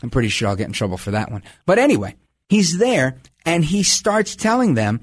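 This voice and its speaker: A man's voice: a little high, big pitch swings, a little fast, slightly rough. A middle-aged man hosting a radio talk show, ranting with sarcastic indignation in opinionated commentary.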